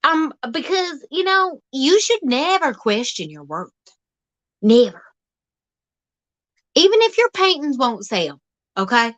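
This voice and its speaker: Woman vlogger, high and bouncy, unhurried, folksy comic rambling. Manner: folksy, rambling, animated, teasing. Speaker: vlog host. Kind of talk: playful comic monologue. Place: outdoors.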